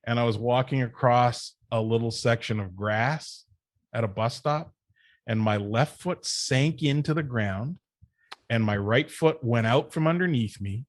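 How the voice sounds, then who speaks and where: A wrestling manager appears as a podcast guest, recounting his past in easy, casual storytelling. His pitch is ordinary, and he grows animated and laughs often as he talks. The recording is close and dry, with no room sound around it.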